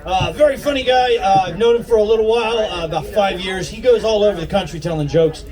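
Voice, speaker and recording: A man hosting a comedy night on an outdoor patio, introducing the comics with loud call-outs to hype the crowd. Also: sits high, fast. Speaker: comedy show host. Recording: distant mic with loud music.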